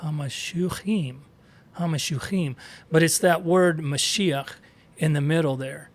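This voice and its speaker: A man's voice: fairly high pitch, fairly even intonation, measured pace. A man co-hosting a casual Bible study, reading verses aloud and explaining Hebrew words with chatty asides. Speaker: co-host teaching scripture.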